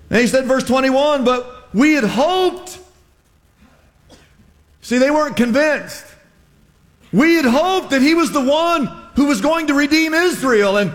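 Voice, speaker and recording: Man preaching, high voice, lively storytelling, long church-hall reverb. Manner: animated storytelling with voiced quotes and humor. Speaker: pastor. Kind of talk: sermon.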